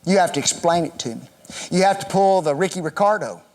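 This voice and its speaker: A man's voice: high-pitched, animated, brisk. A man teaching an interactive Bible class in a church classroom, quizzing the group with questions and joking with them. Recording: echoey hall reverb.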